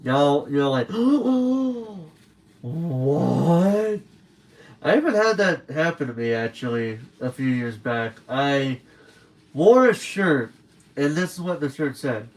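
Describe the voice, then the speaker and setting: A man's voice: mid-range voice, lively intonation, unhurried, rough recording. A young man streaming from home late at night, rambling through a casual story and acting out what other people said. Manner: rambling storyteller who acts out quoted people.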